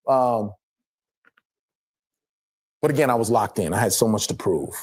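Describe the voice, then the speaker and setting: A middle-aged man from Los Angeles, a guest actor, telling animated stories on a panel show and slipping into other people's lines. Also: lowish voice, unhurried.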